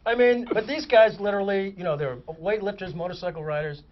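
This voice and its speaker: A man, a comic actor, telling lively anecdotes as a guest on a chat show. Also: high voice, quick pace, slight background noise. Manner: animated raconteur, vivid descriptive detail. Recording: muffled lo-fi audio.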